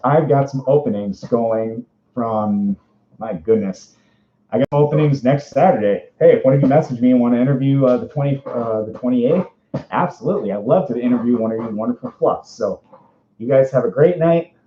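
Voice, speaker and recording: Speaking from inside a fursuit indoors, a twenty-something man from Minnesota, USA, with a Minnesota accent and medium pitch, hosts a casual livestream interview. He rambles, stays bubbly, and laughs easily. The lo-fi stream audio is roomy and dull, with slight background noise.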